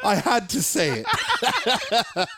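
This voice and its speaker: Lively, laughing male podcast co-host. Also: high-pitched, drawn-out words, background noise. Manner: animated storyteller who laughs often. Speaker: show producer and co-host. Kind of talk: casual podcast chat.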